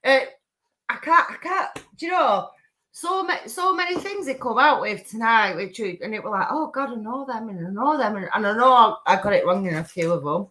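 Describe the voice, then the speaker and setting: A woman's voice: fairly high pitch, expressive, sharp tone. A woman co-hosting a live stream, chatty and enthusiastic in casual talk. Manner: chatty, enthusiastic, quick to laugh. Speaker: stream co-host.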